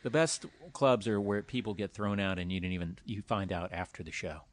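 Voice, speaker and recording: A man's voice: on the low side, fairly quick, no echo. A man hosting a casual chat, reacting with wry remarks and mock quotes.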